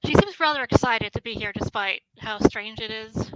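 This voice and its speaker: A woman playing a tabletop game, describing a scene in casual, halting narration. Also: a little high, very noisy. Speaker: player.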